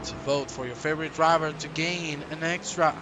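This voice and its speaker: Upbeat guy doing race commentary, high voice, lots of noise behind. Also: moderate pace. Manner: animated, jokey, hypes the viewers. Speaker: lead sim racing commentator.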